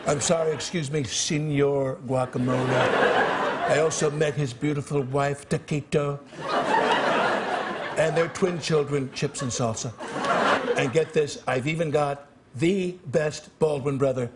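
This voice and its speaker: An actor playing a brash, boastful president in a sketch comedy impression, with pouty, drawn-out phrasing. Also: male voice, fairly high pitch, fairly even intonation, close to an everyday voice. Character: brash, boastful male president, late middle-aged. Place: TV studio stage with live audience. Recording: noisy broadcast TV audio.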